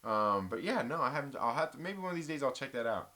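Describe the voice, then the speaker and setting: Speaking quickly in a mid-range voice, this live-stream host chats casually, reading out viewer comments. His stories are animated and rambling, with restarts and some mild swearing.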